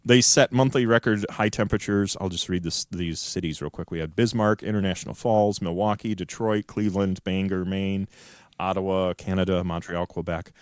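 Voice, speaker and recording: Low-voiced Midwestern man hosting a podcast. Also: steady tone, normal speed, smooth, no room sound. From American Midwest. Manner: rambling, reads notes aloud with many fillers and laughs. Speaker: podcast host. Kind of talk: casual chat.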